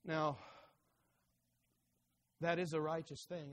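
A male pastor preaching a sermon, rising to fervent urging and dropping low and quiet. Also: normal speed, in a large hall.

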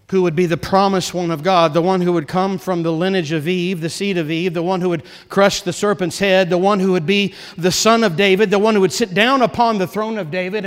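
A male pastor preaching a sermon, swinging between hushed, quiet passages and rising, impassioned build-ups. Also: sits high, in a large hall.

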